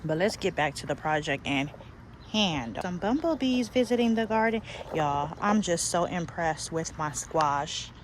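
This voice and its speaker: A chatty woman from California talks straight to her phone camera as she walks through a store and then her garden. Her talk is folksy and unhurried, full of y'all and asides. Steady background noise runs under the whole recording. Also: lowish voice. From California, USA. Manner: chatty, folksy, calls viewers y'all and child. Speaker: gardening vlogger. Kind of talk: casual vlog chat to camera. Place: store aisles and outdoor garden.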